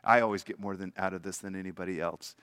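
An older man preaching a sermon as a guest preacher, with emphatic rises to loud lines and soft drops at the ends of phrases. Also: low-pitched, steady tone, fast talker, smooth, no echo.

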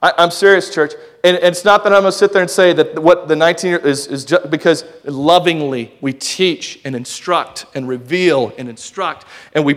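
A youth pastor giving a lively sermon, calling out to his congregation and sometimes shouting. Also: on the high side. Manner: lively preaching with call-and-response, sometimes shouting.

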